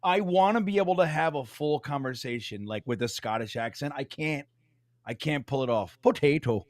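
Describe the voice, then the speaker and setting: A man's voice: mid-range voice, moderate pace, no room sound, studio quality. A man co-hosting a live stream, rambling and joking in loose banter with some swearing. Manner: rambling, swears, laughs often. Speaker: co-host. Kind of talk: casual banter.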